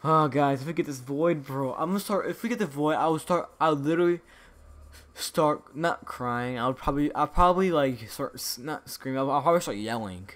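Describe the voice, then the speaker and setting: A man's voice: fairly high pitch, fairly quick, fairly bright tone. A young man hosting his own gaming channel, talking casually and restlessly to his viewers while opening supply drops. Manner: chatty, restless, talks to viewers as "guys".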